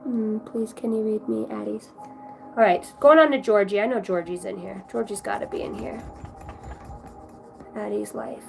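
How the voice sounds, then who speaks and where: A woman's voice: medium pitch, lively intonation, moderate pace, vocal fry, pauses often, over music, low-quality recording. Affectionate spiritual woman reading cards live. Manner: warm, affectionate, rambling, spiritual. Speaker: tarot card reader. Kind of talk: live-stream card reading and chat.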